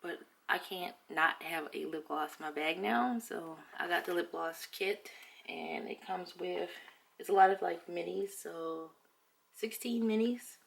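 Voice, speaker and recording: A woman's voice: lowish voice, measured pace, creaky. A young woman vlogger chatting casually about a beauty haul, slightly out of breath, full of "like" and "um". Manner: chatty, fillers, lots of "like".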